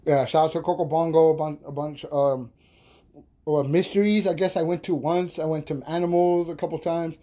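A man's voice: on the high side, normal speed. A man casually telling rowdy stories on his podcast, swearing freely and laughing as he goes. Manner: animated, profane, laughing storyteller. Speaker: podcast host. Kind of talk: casual storytelling monologue.

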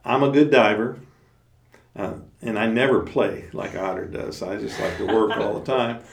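A man's voice: on the low side, steady tone, moderate pace, vocal fry. A man doing an earnest, hardworking beaver. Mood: eager. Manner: eager, self-assured. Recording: roomy, distant mic.

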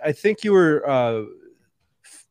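A man's voice: fairly high pitch, expressive, slow pace, darkish tone, smooth, no echo. A man co-hosting a casual podcast, chatty and loose as he retells a story. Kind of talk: casual chat.

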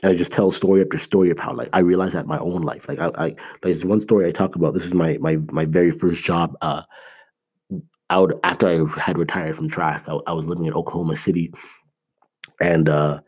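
A man with a very low, husky voice gives a motivational talk in an earnest, emphatic way. He is from Canada and speaks conversationally, with lots of "like" and restarts. He repeats his key points to drive them home. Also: steady tone, fairly quick, darkish tone.

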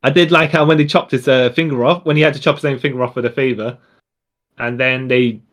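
Chatty male co-host, mid pitch, rambling delivery. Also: steady tone, quick pace, a bit bright. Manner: rambling, restarts a lot, says yeah often. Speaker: podcast co-host. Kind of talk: casual chat.

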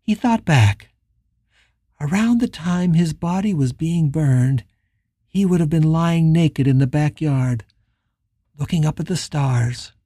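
A calm, measured audiobook narration in a mellow, slightly husky voice. It is recorded close and dry, with no room sound at all. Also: medium pitch, dry recording. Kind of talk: scripted narration.

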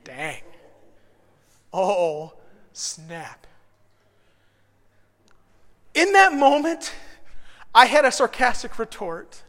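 High-voiced, animated preaching man. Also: takes it slowly. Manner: animated, self-deprecating storyteller who builds to shouts. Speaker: pastor. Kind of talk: sermon with personal storytelling. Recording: long reverb of a large hall.

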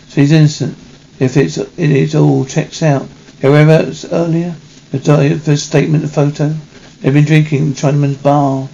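Male voice-over reader for a dubbed film, fairly high and gravelly, stumbles and restarts lines. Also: warm tone, muffled recording. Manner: halting reading with restarts. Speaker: single-voice film dub reader.

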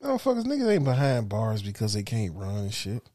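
A man's voice: lowish voice, wildly swooping pitch, a little fast, dark tone. A middle-aged man in casual, profane chat who talks emphatically and repeats phrases.

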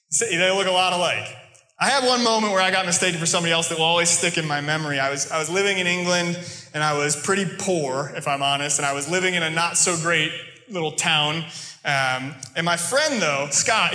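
Pastor, American man, storytelling sermon delivery, very bright forceful tone, slightly high voice, roomy echo. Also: brisk. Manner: conversational storytelling preaching. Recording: echoey room sound.

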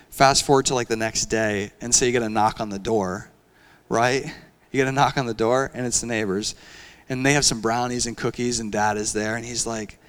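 A young man delivers a sermon in a relaxed, conversational way and talks to the congregation like friends. His voice sits in a middle pitch, and his delivery swings between lively, emphatic stretches and quiet asides. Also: moderate pace, clean tone. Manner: conversational, animated preaching with frequent "like" fillers. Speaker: pastor.

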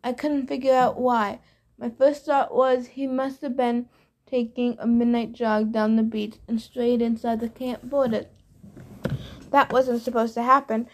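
A woman reads a novel aloud in the first person. Her voice is high, and her reading is plain, with small stumbles now and then. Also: level tone, unhurried. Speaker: reader. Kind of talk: audiobook narration of a novel.

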